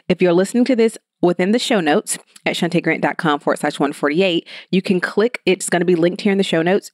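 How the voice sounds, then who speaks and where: An energetic woman hosts her own podcast, chatting in a lively, upbeat way. Her voice sits fairly low for a woman. She is recorded close and dry, with no room sound. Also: no echo. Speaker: podcast host. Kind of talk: solo business podcast talk.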